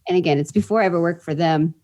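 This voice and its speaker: A woman's voice: fairly low pitch, very fast, dark tone. A woman guest in a casual interview, telling quirky, bubbly stories. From Indianapolis, US. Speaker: podcast guest.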